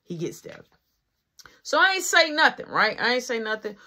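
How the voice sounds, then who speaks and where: A man spins a long personal story in a casual vlog, loose and slangy. His voice is bright and sharp, and he keeps checking in with the listener as he goes. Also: very high-pitched, very animated, moderate pace.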